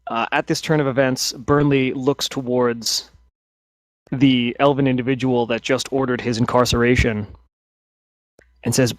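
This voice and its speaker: A man's voice: medium pitch, fairly even intonation, moderate pace, no room sound. A man narrating a tabletop game as game master, often restarting and hesitating mid-sentence.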